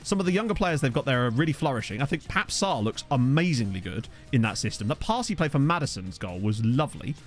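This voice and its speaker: Lively chatty man streaming. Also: mid-range voice, quick pace, few pauses, faint music behind. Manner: chatty and rambling, reacting to chat. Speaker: gaming streamer. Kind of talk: casual live-stream commentary. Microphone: desktop USB microphone.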